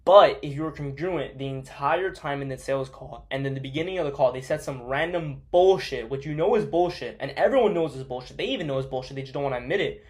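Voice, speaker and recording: A man's voice: medium pitch, quick pace, few pauses, a little mellow. A young man coaching on sales in a blunt, profane, casual monologue, full of fillers.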